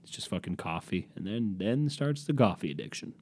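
A man from Massachusetts hosting a solo podcast from his basement, rambling crudely with lots of swearing and sudden loud put-on voices. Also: sits low, big pitch swings, brisk, slightly rough. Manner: crude, profane, jumps into loud impressions. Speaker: podcast host. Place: home basement.

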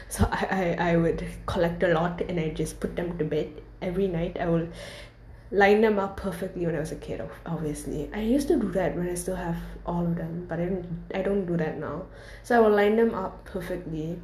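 A woman's voice: lowish voice, normal speed, darkish tone, slight background noise. A young woman telling stories in a casual chat, candid and swearing freely. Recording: echoey room.

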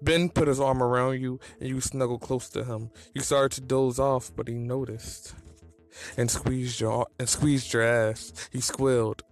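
A man's voice: mid-range voice, flat delivery, unhurried, faint music behind. A man casually reading a fan story aloud, with slips and rereads. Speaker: story reader.

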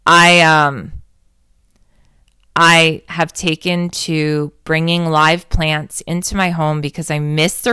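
A woman's voice: deep voice, fairly bright tone, clean tone, dry recording, studio quality. A young adult woman hosting a casual confessional talk, candid and rambling, swearing freely and poking fun at herself.

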